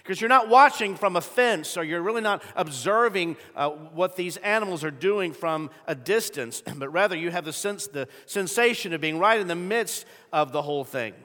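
A middle-aged man preaching a sermon in a large sanctuary, his bright, fairly high voice ringing with a long hall reverb. He tells stories and then drives home his points with loud, emphatic bursts, clearing his throat now and then. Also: lively intonation, normal speed, hardly any pauses. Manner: storytelling preacher who builds to loud emphatic peaks. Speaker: pastor.

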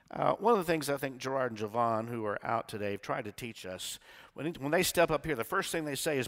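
A male pastor preaches with call-and-response, his pitch rising and falling widely. His voice is bright and on the high side. A long church-hall reverb trails every line. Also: expressive, brisk. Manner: call-and-response preaching, swings from quiet to shouting. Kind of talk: sermon. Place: church sanctuary.

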